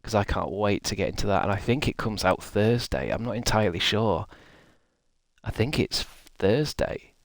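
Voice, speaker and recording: A man's voice: fairly low pitch, lively intonation, normal speed, creaky, no echo. A young man streaming live, rambling in casual chat and reading out his chat. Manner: rambling, chatty, reads and answers chat.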